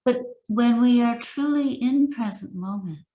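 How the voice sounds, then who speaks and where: Woman meditation teacher, unhurried reading with spaces between lines, roomy echo. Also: a little high, dark tone. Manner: slow, measured recitation with long pauses. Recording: echoey room.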